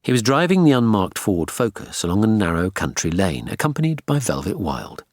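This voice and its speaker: A man reads a crime audiobook with an expressive, story-telling lilt. His voice is low and husky, moving lively up and down in pitch. The recording is close and dry. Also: brisk, hardly any pauses, no room sound. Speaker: audiobook narrator. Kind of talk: scripted narration.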